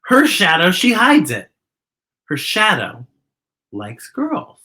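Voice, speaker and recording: A woman's voice: fairly low pitch, wildly swooping pitch, takes it slowly, sharp tone. A woman hosting a children's story time, reading a picture book aloud and talking directly to young viewers at home.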